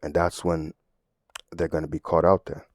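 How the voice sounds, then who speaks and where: A man's voice: rumbling low, flat delivery, normal speed, darkish tone, no echo. A man giving a casual, conversational Bible teaching, often checking in with "right?" and using everyday analogies. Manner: conversational, tag questions, sports analogies. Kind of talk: casual sermon.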